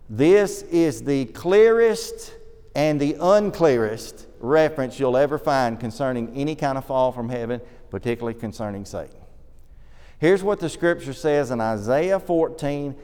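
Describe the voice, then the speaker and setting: A man preaching a sermon in a church, teaching quickly through Bible passages and reading scripture aloud. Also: mid-range voice, darkish tone, clean tone. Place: church auditorium. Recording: long reverb of a church hall.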